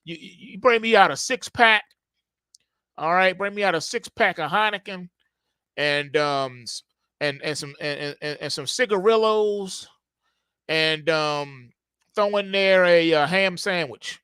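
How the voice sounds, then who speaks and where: A man's voice: sits high, unhurried, sharp tone, clear, resonant tone, no echo, clean studio sound. A man voicing a street hustler who stammers and pleads to trade his things for food. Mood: wheedling.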